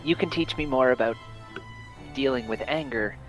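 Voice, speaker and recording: A man's voice: mid-range voice, normal speed, fairly bright tone, lo-fi sound, soft background music. A man player at a tabletop game, giving dry, short replies. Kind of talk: casual chat at game table.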